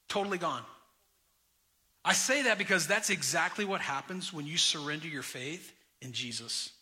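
A pastor with a bright, forceful voice preaches to his congregation, moving between personal anecdotes and direct appeals. His voice carries a long reverb from the church hall, and he sits a little above other men in pitch. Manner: energetic storytelling preacher, direct address. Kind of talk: sermon.

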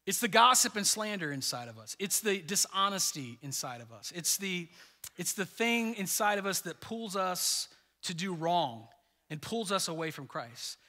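A high-pitched, bright-voiced man gives a sermon from the pulpit in a lively, chatty way, stumbling and restarting as he goes. His voice rings out with a long reverb, as in a church sanctuary. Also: moderate pace. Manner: animated, conversational preaching with many fillers and restarts. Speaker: pastor.

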